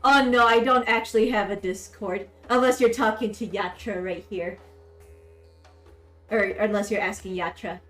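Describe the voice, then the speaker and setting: A woman's voice: medium pitch, fairly even intonation, normal speed, a bit bright. A woman hosting a stream, chatting casually with a guest, giggly and hyped, often restarting her sentences. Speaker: streamer host. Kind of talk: casual chat on an art stream. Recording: echoey room. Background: faint background music.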